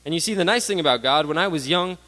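A man in his twenties giving a sermon to graduates, animated, swinging between loud bursts and hushed asides. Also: fairly high pitch, fast talker, rough recording. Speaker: graduation speaker.

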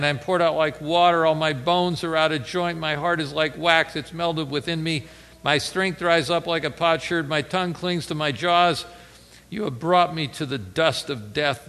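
A man's voice: fairly high pitch, fairly bright tone, long reverb tail. A man preaching a conversational Bible sermon, reading scripture aloud with rising intensity.

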